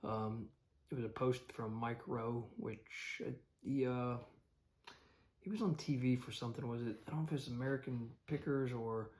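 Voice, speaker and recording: A man's voice: mid-range voice, moderate pace, a little mellow. Rambling man telling a story to camera. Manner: rambling, loose, many fillers and restarts. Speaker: vlogger. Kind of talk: casual storytelling vlog.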